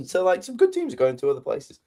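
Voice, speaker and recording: A man's voice: high voice, dark tone. Guy joking around on a sports podcast, rambly chat. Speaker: podcast co-host. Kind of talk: casual chat.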